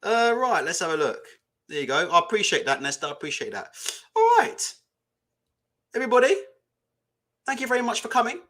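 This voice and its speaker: A young man riffs on a live boxing chat, blunt and foul-mouthed, breaking into laughter. His voice sits high and bright, and his pitch swings widely as he talks. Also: very animated, a little fast, pauses often. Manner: blunt, swearing, laughs a lot while ranting. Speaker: boxing channel host. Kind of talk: casual live-stream chat.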